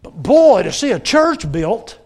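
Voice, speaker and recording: A man's voice: very high-pitched, very animated, unhurried. A middle-aged man preaching a sermon at a church service, telling stories and pleading earnestly with the congregation. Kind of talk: sermon with altar call.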